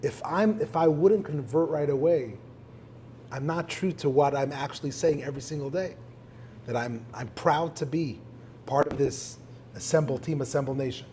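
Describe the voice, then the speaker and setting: Animated rabbi interviewing before an audience. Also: male voice, fairly high pitch, moderate pace, a little hiss or hum. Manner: animated storyteller, quoting prayers in Hebrew. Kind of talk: live conversation before an audience. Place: synagogue hall with an audience.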